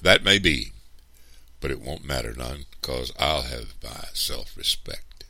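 A man voicing a resolute farmer father who speaks slowly, firmly and coldly. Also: a bass voice, expressive, gravelly, pushed and bright, heavily acted. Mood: grimly resolute. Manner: slow, firm, measured delivery. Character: resolute stern farmer father, calm and cold.

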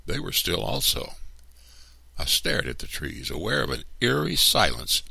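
A man reading a storybook aloud in an expressive, unhurried way. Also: on the low side, creaky, breathy edge, dry recording.

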